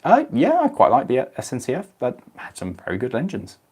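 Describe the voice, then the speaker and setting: A man's voice: mid-range voice, wildly swooping pitch, fairly quick, a little mellow, husky. A young man, chatting casually on a live stream and answering viewers' comments by name.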